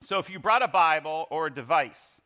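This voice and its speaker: A middle-aged man preaching a sermon in church, telling a lively personal story and leading the congregation in call-and-response. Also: fairly high pitch, moderate pace. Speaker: pastor. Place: church service.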